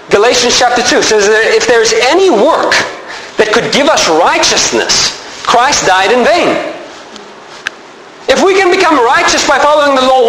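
Male pastor, high and lively delivery, faint background ambience. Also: echoey room, slight background noise, low-quality recording. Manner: animated preaching, rising emphasis. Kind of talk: sermon.

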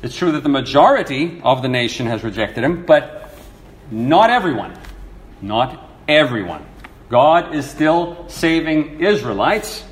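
A man preaching a sermon, telling a parable and reading verses in an animated, storytelling way, acting out the quoted voices. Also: on the high side, a little slow. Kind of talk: sermon teaching. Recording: echoey room with faint ambience.

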